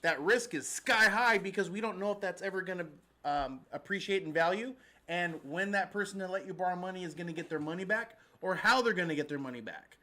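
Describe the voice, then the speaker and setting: A man's voice: high-pitched, fairly quick, bright, forceful tone. A man co-hosting a mortgage talk show, reading listener questions aloud and answering them in a casual chat. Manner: laughs easily, reads questions aloud.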